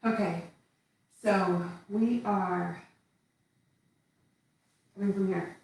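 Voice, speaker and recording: Slow-paced woman cueing a movement class. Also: mid-range voice, a little hiss or hum. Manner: calm step-by-step cueing while moving. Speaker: qigong instructor. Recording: echoey room from far off.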